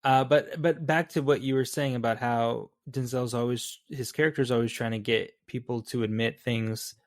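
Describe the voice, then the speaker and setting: A male podcast co-host talks through a movie in relaxed chat, laughing readily and asking his partner questions. His voice sits close and dry, with no room around it. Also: mid-range voice, moderate pace, no echo. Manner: laughs easily, asks follow-up questions. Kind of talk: casual film review chat.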